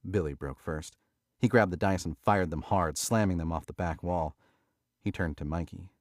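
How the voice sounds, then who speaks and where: A man narrating a thriller audiobook in a steady, measured way on a close studio mic. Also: deep voice, no room sound.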